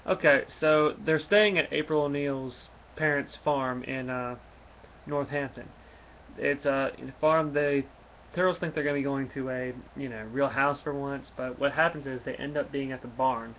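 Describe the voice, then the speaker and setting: Male comic reviewer, casual and rambling, full of fillers; mid-pitched voice, faint background noise. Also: fairly even intonation, normal speed. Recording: dull lo-fi recording, faint noise.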